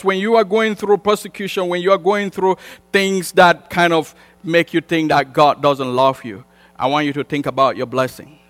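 A man with a high voice preaches to a congregation, building his points through repetition and pushing them out in emphatic surges. English is not his first language. His voice rings through a church hall with a long tail of reverb, and mains hum runs underneath. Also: fairly bright tone. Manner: emphatic, repetitive preaching cadence with rising bursts. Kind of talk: sermon.

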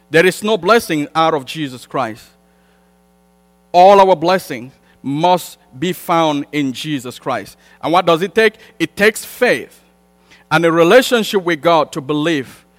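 A high-voiced man for whom English is a second language preaches a sermon to a congregation, building points through repetition and emphatic, rising bursts. His voice rings through a church hall with long reverb, over a mains hum.

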